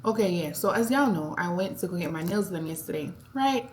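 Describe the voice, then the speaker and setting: A woman telling a story in a casual vlog, animated and expressive, laughing often as she talks to her camera. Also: fairly low pitch, a little fast, echoey room, noisy background. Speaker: vlogger mom. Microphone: handheld camera.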